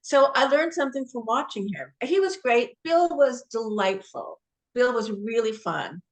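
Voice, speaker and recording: A woman from New Jersey speaks as an interview guest. Her voice sits a little high, and she tells stories in an easy, anecdotal way. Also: lively intonation, unhurried. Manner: warm anecdotal storytelling. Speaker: actress guest. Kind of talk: casual interview chat.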